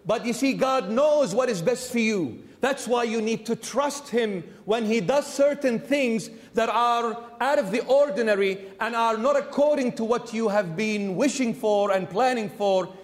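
A bishop preaching a sermon in a church, telling the story animatedly and acting out its characters. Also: male voice, very high voice, measured pace, few pauses, in a large hall.

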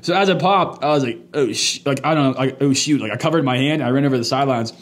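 A young man hosting a casual faith podcast, loud and quick to laugh, telling animated stories. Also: mid-range voice. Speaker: podcast host. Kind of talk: casual chat.

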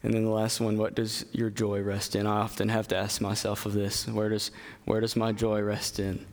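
A man's voice: lowish voice, completely flat delivery. Earnest male preacher in a reverberant hall. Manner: earnest, halting, with fillers and restarts. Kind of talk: sermon with scripture reading.

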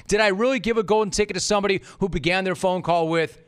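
A man's voice: high voice, fast talker, few pauses, clear, resonant tone. A middle-aged man hosting a sports talk radio show, delivering a sarcastic, mock-indignant rant.

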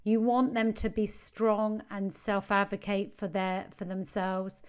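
A woman's voice: medium pitch, little pitch movement, unhurried, a little mellow, clean tone. A woman, a parenting coach giving earnest advice to parents and stressing key phrases.

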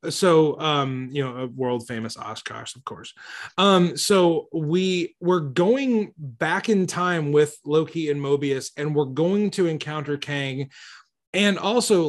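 A man with a slightly high voice hosts a casual movie podcast. He talks with rambling enthusiasm and often circles back to restart his sentences. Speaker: podcast host.

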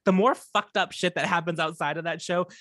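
A podcast co-host talking in a mid-pitched voice, chatty and emphatic, laughing often. The recording is dry and close, with no room sound. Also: steady tone, brisk, fairly bright tone, dry recording. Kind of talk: casual chat.

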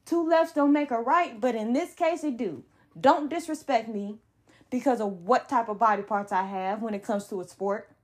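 A woman's voice: a little high, normal speed, darkish tone. Heated young woman ranting about sports. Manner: heated, emphatic, blunt slang. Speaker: podcast host. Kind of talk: solo sports podcast rant.

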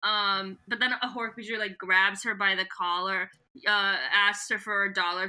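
A woman's voice: mid-range voice, steady tone, moderate pace, pushed and bright. A woman co-hosting a podcast, recapping a book in casual, profane, giggly chat and acting out the characters' lines. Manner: giggly, profane, acts out lines in put-on voices.

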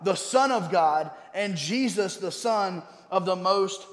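A man preaching a sermon as pastor. He is emphatic, slows down to stress key words and drops suddenly to a quiet voice. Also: high-pitched, expressive. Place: church sanctuary. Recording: echoey hall with long reverb.

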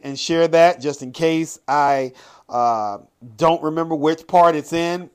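A man with a high voice hosts his podcast in a loose, casual monologue. He takes his time overall, stretching key phrases out slowly and punching them hard, then rushing through little asides. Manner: dramatic, swings from quick asides to slow drawn-out emphatic phrases. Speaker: podcast host.

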